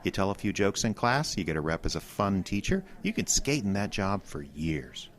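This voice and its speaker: An actor playing a mild-mannered former high school teacher turned radio writer in a comedic radio drama, self-deprecating and quick to panic. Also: male voice, very animated. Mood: easygoing. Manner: self-deprecating, growing frantic when worried.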